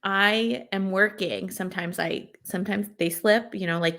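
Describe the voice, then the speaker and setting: Female podcast guest, mid pitch, slight vocal fry, chatty and frank, laughs often. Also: moderate pace, hardly any pauses, a bit bright. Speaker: podcast guest, stay-at-home parent. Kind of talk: casual podcast conversation.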